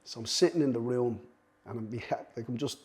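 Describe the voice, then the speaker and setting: Middle-aged man, mid-pitched, swearing, self-mocking guest storyteller. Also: a little fast. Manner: swears freely, self-deprecating, acts out quoted voices. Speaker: guest, cutman. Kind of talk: casual anecdotal storytelling.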